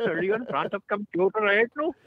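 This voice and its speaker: Man doing a high-pitched phone scammer voice, stilted and overly polite, pushy, tinny phone-like sound. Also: lively intonation, fairly quick, over a noisy crowd.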